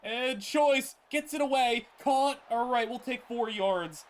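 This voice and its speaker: A gaming channel host giving live play-by-play commentary on a football video game, excitable and exasperated, often laughing in disbelief. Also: mid-range voice, takes it slowly.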